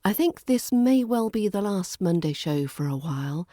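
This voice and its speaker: A woman with a British RP accent teaching pronunciation on a podcast, repeating words slowly and carefully as she models them. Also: mid-range voice, lively intonation, dark tone, dry recording, clean studio sound.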